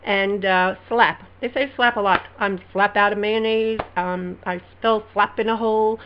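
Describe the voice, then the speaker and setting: A woman with an Alabama Southern accent reads a list of words for her vlog in a relaxed, giggly way. Her voice sits in a middle pitch. The home recording sounds somewhat dull and lo-fi. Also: slight background noise. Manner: casual, giggly, reading words slowly. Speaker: vlogger. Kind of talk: casual word-list vlog.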